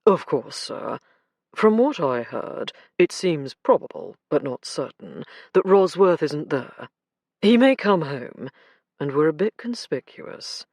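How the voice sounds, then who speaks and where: A woman doing a brisk, bossy male inspector. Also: low-pitched, sing-song, creaky, a little mellow, no echo, clean studio sound, pitched below the performer's own voice, full character voice. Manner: brisk, commanding.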